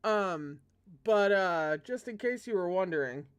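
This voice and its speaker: A host reading a novel aloud in a steady narrating voice, then breaking into casual, self-mocking commentary. The asides swing high and loud with dramatic reactions. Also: a little slow, smooth. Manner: dramatic, excitable asides with big pitch jumps; casual, self-deprecating humor. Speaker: read-along host.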